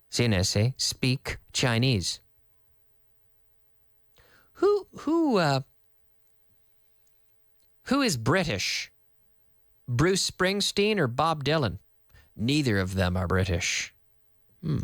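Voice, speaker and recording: A man's voice: mid-range voice, very animated, very slow, long pauses, a bit bright, no echo, studio quality. A man hosting a live English lesson on the radio, quizzing listeners with questions and answering them himself. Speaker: English teacher, radio host. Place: radio studio.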